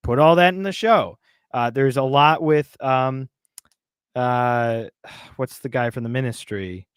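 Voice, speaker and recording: A man of middle pitch, heated and exasperated as he rants through a casual podcast chat. His voice sits close and dry on the mic, with no room sound. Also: slow, smooth, dry recording. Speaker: podcast co-host.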